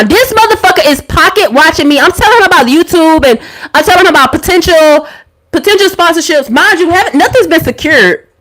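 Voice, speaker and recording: A woman streamer telling a story to her viewers in a profane, animated rant, answering her chat as she goes. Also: very high-pitched, brisk. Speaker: YouTuber and live streamer.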